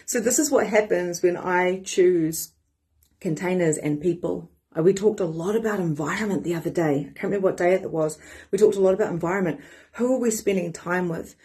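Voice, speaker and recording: A woman, a life coach giving a lively live-streamed motivational talk. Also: on the low side, fairly quick, slightly rough. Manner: animated and excitable, swears casually.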